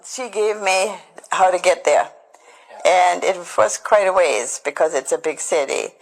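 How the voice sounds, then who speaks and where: Older woman, kinda low voice, telling her own story all halting and emotional, lots of restarts. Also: big-room sound, low-quality recording. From Germany. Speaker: Holocaust survivor giving testimony. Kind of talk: personal testimony storytelling.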